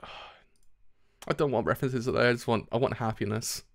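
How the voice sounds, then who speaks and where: Excitable, foul-mouthed young man streaming. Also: medium pitch, normal speed, creaky. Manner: excitable, swears often, laughs a lot. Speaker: streamer reacting to a manga. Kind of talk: live-stream reaction chat.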